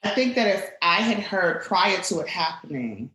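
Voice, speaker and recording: A middle-aged woman, a guest on a podcast, talking reflectively in conversation and turning animated when she tells stories. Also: on the low side, normal speed, roomy sound, low-quality recording.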